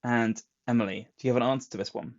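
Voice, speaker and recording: Man co-host, gravelly edge, jokey banter, dry lo-fi podcast sound. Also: medium pitch, steady tone, quick pace. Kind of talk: casual chat.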